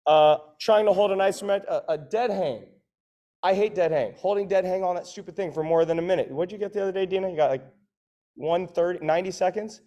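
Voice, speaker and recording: A man's voice: sits high, a little fast, warm tone, lo-fi sound. A man, a gym coach, giving a casual talk to his class, swearing freely and acting out his members' grumbling thoughts. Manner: conversational, swears casually, acts out inner voices.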